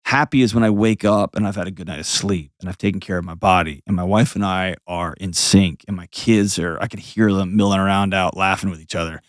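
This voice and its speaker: Lowish guy host, blunt coaching on a call-in advice show, dry sound. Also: steady tone, brisk, few pauses, no room sound. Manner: blunt, coaching, vivid imagery.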